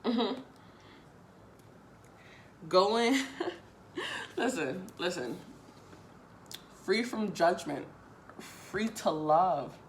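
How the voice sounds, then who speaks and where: Woman tarot reader, casual and chatty, lower pitch, loose and repetitive delivery. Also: expressive, extremely slow, long pauses, slight background noise. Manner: chatty, repeats phrases, casual swearing, addresses viewers directly. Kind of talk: casual tarot reading to viewers.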